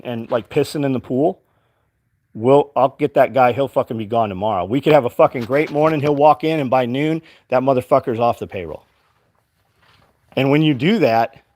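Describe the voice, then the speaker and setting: A man with a mid-range, slightly mellow voice, in a dry recording, runs his own company and hosts a show. On a casual livestream he rants bluntly about work ethic, swearing heavily and quoting his own past exchanges.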